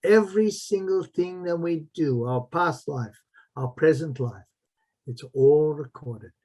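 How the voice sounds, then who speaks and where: A man's voice: a little high, measured pace, a little mellow. A man who is a martial arts master and spiritual mentor, telling stories in an interview with emphatic repetition. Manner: emphatic, repeats key phrases. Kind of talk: storytelling in a podcast interview.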